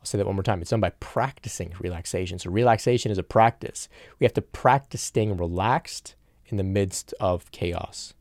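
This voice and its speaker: A man gives a spiritual talk in a low, gravelly voice. He speaks emphatically, circling back to the same phrases and pausing to ask "okay?" The sound is dry and close, with no room echo. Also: a little mellow. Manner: emphatic, repeats phrases, frequent "okay?" check-ins. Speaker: spiritual teacher. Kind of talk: direct-to-camera spiritual talk.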